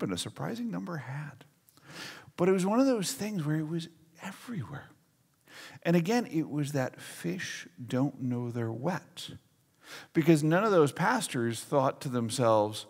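A man's voice: mid-range voice, big pitch swings, moderate pace, husky. A pastor in his forties preaching a conversational, storytelling sermon in a church sanctuary. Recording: long church reverb.

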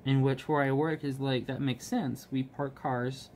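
A man of middle pitch tells a workplace story in an easy, rambling way. He fills his talk with ums and restarts and livens up when he quotes others. A faint hiss sits under the recording. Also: flat delivery, measured pace, darkish tone. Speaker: vlogger, restaurant manager. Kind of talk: casual storytelling while crafting.

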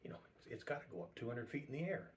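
A man preaching a sermon in a relaxed, conversational way, repeating words for emphasis. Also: mid-range voice, very fast, slightly rough.

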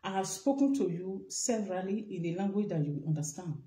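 A woman's voice: mid-range voice, expressive, fairly quick, mellow. A woman vlogger with a Nigerian Pidgin English accent, speaking straight to the camera in a repetitive, emphatic rant aimed at one person. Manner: repetitive, emphatic, addressing someone directly. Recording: roomy echo.

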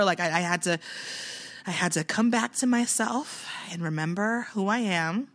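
Bright-voiced woman telling a heated story. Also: medium pitch, a little fast. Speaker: podcast guest. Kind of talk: casual podcast chat.

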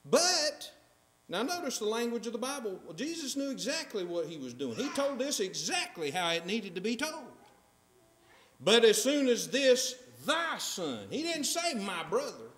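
A man's voice: very high voice, very animated, measured pace, fairly bright tone. A man preaching a sermon in a church, emphatic and often asking the congregation questions. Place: church sanctuary. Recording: echoey church sanctuary.

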